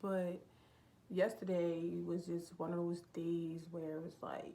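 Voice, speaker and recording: A woman's voice: lowish voice, little pitch movement, takes it slowly, creaky, pauses often, mellow, a little hiss or hum. A young woman vlogging in a casual, confessional way, rambling and heartfelt with lots of filler words, talking from indoors at a relative's home. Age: young adult. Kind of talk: casual confessional vlog chat.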